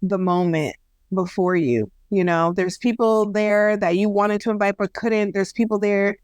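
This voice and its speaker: Animated woman chatting on a podcast, mid pitch, dry close sound. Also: moderate pace, no room sound. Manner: animated storyteller, acts out quoted voices, laughs at herself. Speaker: podcast co-host. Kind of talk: casual storytelling chat.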